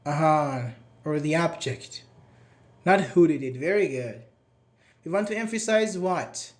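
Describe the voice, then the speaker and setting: A man's voice: fairly high pitch, measured pace. A male teacher, leading a live online class in a chatty, encouraging way, praising students by name and asking them questions. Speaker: English teacher.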